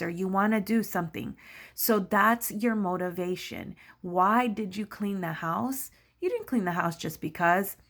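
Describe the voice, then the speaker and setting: A woman's voice: on the low side, creaky, fairly bright tone. A woman teacher giving a recorded lesson to children, patiently explaining and asking many questions.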